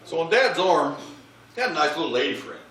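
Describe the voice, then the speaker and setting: A man's voice: on the high side, fairly quick, noisy background. A man giving a humorous eulogy for his father, telling family anecdotes and acting out what people said. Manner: animated comic anecdotes, acting out quoted lines. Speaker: eulogist, child of the deceased. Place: large memorial service hall. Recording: echoey hall, voice far from mic.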